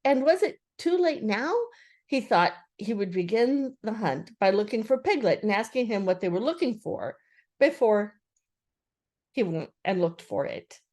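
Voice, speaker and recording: A woman's voice: mid-range voice, sing-song, unhurried, darkish tone. An older woman expressively reading a children's book aloud as a storyteller.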